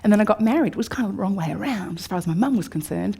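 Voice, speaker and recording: An Australian woman in her forties tells a candid personal story to a live audience. Her telling swings from upbeat to hushed. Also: medium pitch, animated, racing, vocal fry, husky. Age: 40s. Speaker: speaker. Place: room before a live audience.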